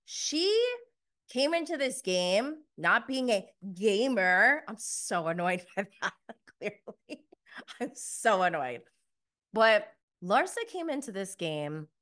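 A woman's voice: medium pitch, very animated, slow, a bit bright. A woman giving a casual recap review of a TV episode, gushing, giggly and exasperated by turns. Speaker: TV show reviewer.

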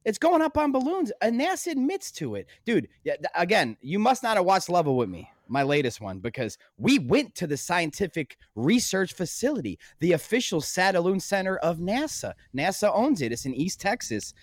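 Lively high-voiced man, emphatic guest. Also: moderate pace, few pauses, dry recording, studio quality. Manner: animated storytelling, emphatic and insistent. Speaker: podcast guest, documentary filmmaker. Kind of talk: casual podcast conversation.

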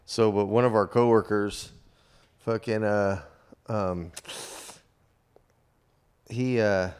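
A man's voice: lowish voice, steady tone, takes it slowly, a little mellow, smooth. A young man co-hosting a podcast, chatting in a laid-back, profane, jokey way about his old job. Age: young adult. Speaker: podcast co-host. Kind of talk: casual chat.

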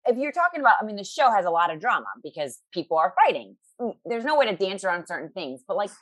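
A woman's voice: medium pitch, sing-song, fast talker, no room sound. A woman host in a casual interview, speaking with gushing, fan-like enthusiasm. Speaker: podcast host.

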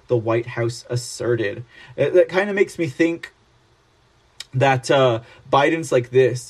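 A man hosting a political news commentary show, reading articles aloud and mocking them in an animated, sarcastic manner. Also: medium pitch.

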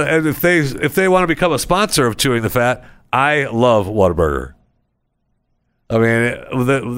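Man, podcast host, casual comedic rant, sarcastic, rambling, smooth clear voice, studio mic. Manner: rambling, sarcastic, acts out people in high voices. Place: recording studio.

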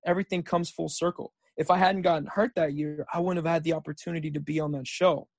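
A young man talking on a podcast in a relaxed, rambling way, dropping "dude" and "like" as he tells his stories. His voice sits somewhat high for a man. The recording is dry and close. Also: quick pace, dry recording. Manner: laid-back, rambling storyteller saying "dude" and "like". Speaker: podcast guest, junior college football player. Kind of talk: casual chat.

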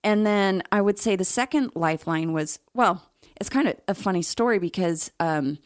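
A woman's voice: mid-range voice, moderate pace, dry recording, studio quality. A middle-aged woman, an interview guest, telling her personal story in a candid, reflective way with occasional laughs.

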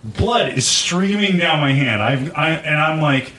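A man's voice: a little high, normal speed, few pauses. A man casually telling a funny childhood story, acting out voices and laughing as he goes. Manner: animated, acts out voices, laughs often.

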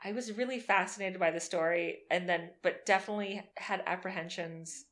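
A woman co-hosting a podcast in casual chat, excitable and swearing freely. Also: fairly low pitch, a little fast. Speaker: podcast co-host.

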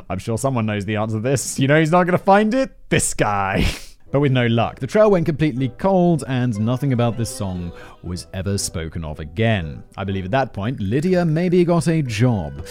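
A man in his thirties with a medium-pitched, dark voice hosts a podcast, reading a script but often breaking off into rambling tangents and chatty asides, with frequent laughter.

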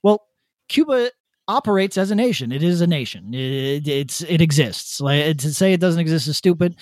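A man co-hosting a podcast, ranting bluntly with swearing and halting restarts. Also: fairly high pitch, animated, dry recording, clean studio sound. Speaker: podcast co-host. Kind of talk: casual opinion rant.

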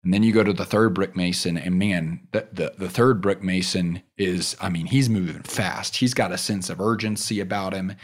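Brief: male podcast host, lowish voice, motivational talk, emphatic peaks, drops quiet for stories. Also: steady tone, normal speed, hardly any pauses. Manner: emphatic and earnest, building to loud peaks; drops soft and low when telling a story. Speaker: podcast host and business leadership coach.

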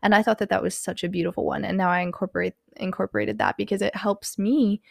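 Speaking fast and expressively, this podcast host has a creaky, medium-pitched voice captured in clean studio quality without any room sound. She's a young Hispanic woman, country not given, chatting candidly about motivation in a casual way. Fillers pop up constantly, especially "like" and "um."

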